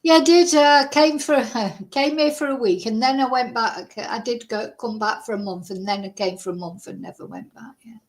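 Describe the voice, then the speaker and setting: A woman's voice: fairly high pitch, normal speed, hardly any pauses. A middle-aged woman, a true crime channel host, telling a rambling, chatty story with frequent laughs and self-interruptions.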